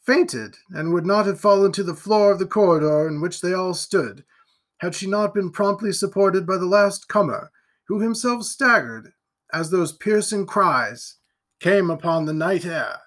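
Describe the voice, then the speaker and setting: A man reading a gothic novel aloud in steady, even storytelling narration. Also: high voice, a little slow. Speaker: audiobook reader.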